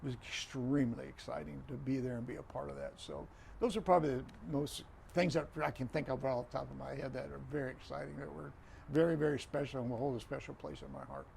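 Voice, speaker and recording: As a guest on a podcast interview, an older retired referee recounts stories with animation, repeating phrases and performing dialogue. He's a fast talker with a mid-range voice and vocal fry. There's slight background noise.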